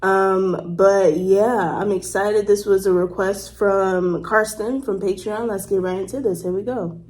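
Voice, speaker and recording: A woman's voice: medium pitch, steady tone, unhurried, darkish tone. A woman hosting a casual reaction video, chatty, exclaiming often and laughing easily. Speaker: host reacting to a documentary.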